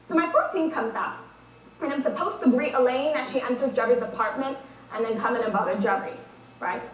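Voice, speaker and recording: A teenage speech competitor delivers a dramatic monologue on a competition stage in a large hall, telling it in a wry, sardonic way. Her voice is a little high and brisk. Picked up from far off, the audio is echoey, with slight background noise.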